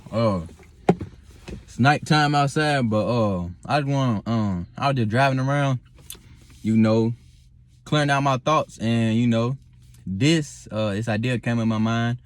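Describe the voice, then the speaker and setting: A young man vlogs to camera from his car at night, calm and reflective, rambling with lots of fillers and restarts and swearing freely. His pitch is medium, his pace measured, and he takes long pauses in this casual talk.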